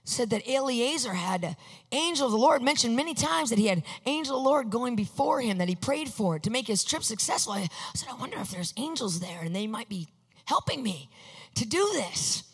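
A woman sharing a personal faith testimony, storytelling in an animated way and acting out the voices she quotes. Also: fairly high pitch, a little fast, slightly rough. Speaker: Christian speaker sharing a testimony.

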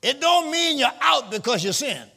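A man preaching a sermon to a live congregation, calling out questions, teasing the listeners and rising into shouts. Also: extremely high pitch, very animated, normal speed, gravelly. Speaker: pastor. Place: church before a live congregation.

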